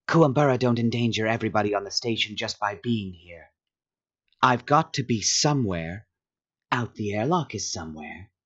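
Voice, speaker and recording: A blunt, weary human woman, read by a man, direct and sharp-tongued. His voice stays fairly low, and the recording sounds dull and lo-fi. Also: animated, normal speed, breathy edge. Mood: defiant. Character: blunt, tired human woman among aliens.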